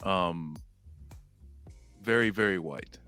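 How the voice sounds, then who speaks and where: A man co-hosting a podcast, chatting in a relaxed way with lots of fillers. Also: deep voice, takes it slowly, smooth, faint music behind. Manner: relaxed, filler-heavy, laid-back. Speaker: podcast co-host. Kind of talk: casual podcast chat.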